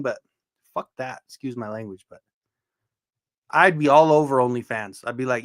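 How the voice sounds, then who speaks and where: A man hosting a casual livestream, loudly joking and greeting viewers in the chat by name. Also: mid-range voice, steady tone, normal speed, no room sound, clean studio sound. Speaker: livestream host.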